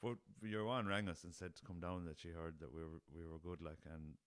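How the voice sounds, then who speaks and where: Young irish lad rambling through a story on his podcast, swears a lot, low smooth voice, dry close sound. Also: fairly even intonation, fairly quick, fairly bright tone, dry recording. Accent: Irish, west of Ireland. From Ireland. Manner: rambling anecdotal, swears freely, chuckles. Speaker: podcast host. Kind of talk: casual storytelling.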